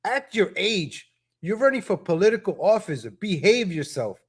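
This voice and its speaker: Brief: man, higher-pitched voice, casual live-stream host, chatty and scolding. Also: big pitch swings, moderate pace, breathy edge. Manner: talks straight to viewers, scolding and chuckling; repeats himself with tag questions.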